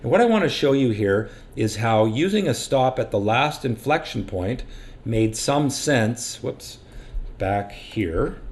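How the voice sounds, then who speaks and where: A man of medium pitch talks through trading charts like a patient instructor, steady and matter-of-fact. His delivery is practical and unhurried, the voice of a regular educator walking viewers through a method on screen. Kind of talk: screen-share market lesson.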